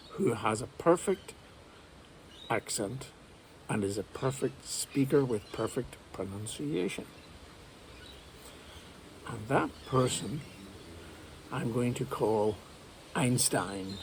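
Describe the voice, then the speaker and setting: A man giving a video lesson on English, speaking in a slow, emphatic, explanatory way. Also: mid-range voice, a little mellow, slight background noise. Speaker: English teacher.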